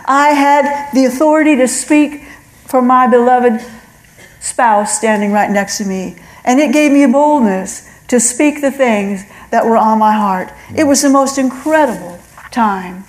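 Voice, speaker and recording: The audio is poor, but a middle-aged woman can be heard delivering a sincere testimony at a measured pace. Her voice is a little high, and she acts out what God and various callers said as she tells her story.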